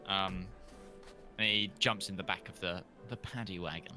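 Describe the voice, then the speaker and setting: A man running a tabletop game as game master, easygoing and halting, with many ums and pauses. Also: deep voice, steady tone, music in the background.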